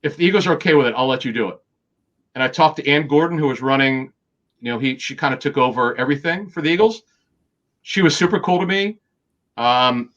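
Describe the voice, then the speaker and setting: Middle-aged male guest, mid-pitched, storyteller who acts out quotes and restarts often, slightly muffled audio. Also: a bit bright. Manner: rapid anecdotal storytelling with quoted dialogue and many restarts. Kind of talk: storytelling in an interview.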